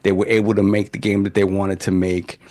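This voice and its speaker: A man's voice: low voice, level tone, brisk, darkish tone. A man co-hosting a casual gaming podcast, talking in long opinionated runs with many restarts. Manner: rambling, opinionated, repeats himself. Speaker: podcast co-host.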